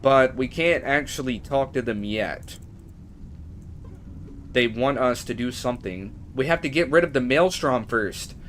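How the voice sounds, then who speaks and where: A man streaming a game live, chatting casually to viewers and getting emotional and excitable, at times nearly shrieking. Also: medium pitch, a little slow, slight background noise. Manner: emotional, excitable, shifts from calm to near-shrieking.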